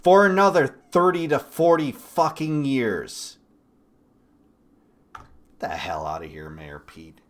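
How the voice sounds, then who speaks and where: A man from Michigan hosting a political commentary livestream. He talks bluntly and swears often, with sudden loud bursts between quieter asides. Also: mid-range voice, slow pace, long pauses. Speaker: livestream host.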